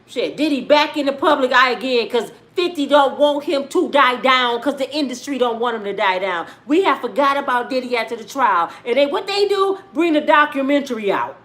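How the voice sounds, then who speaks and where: Animated, loud woman gossip vlogger. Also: sits high, a little fast, hardly any pauses, soft background music. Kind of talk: casual celebrity gossip commentary.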